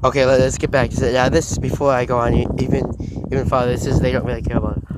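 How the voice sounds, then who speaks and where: A man's voice: mid-range voice, little pitch movement, rapid-fire. A young man vlogging outdoors about fitness, rambling and swearing with lots of stumbling restarts. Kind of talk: rambling off-the-cuff vlog. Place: outdoors in a rural spot. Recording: loud outdoor background noise.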